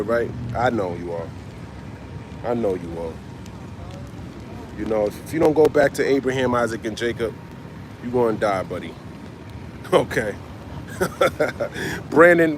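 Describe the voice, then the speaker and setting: A man preaches on a livestream in blunt, slangy street talk, replying to his chat and closing his lines with "man." His voice is a little high and a bit bright, with slight background noise.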